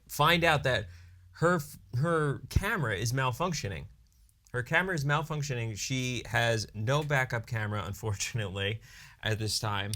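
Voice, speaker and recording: A man, a wedding DJ and emcee co-hosting a podcast, telling a story in a casual, animated way and peppering it with "you know" and "right". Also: mid-range voice, measured pace. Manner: animated storyteller who briefly acts out his own hype announcements.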